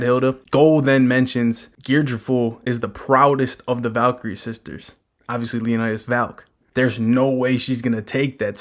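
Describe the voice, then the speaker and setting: Hyped, slangy man recapping manga. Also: mid-range voice. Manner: hyped, profane, slangy with frequent "bro". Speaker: manga breakdown host. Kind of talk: casual recap commentary.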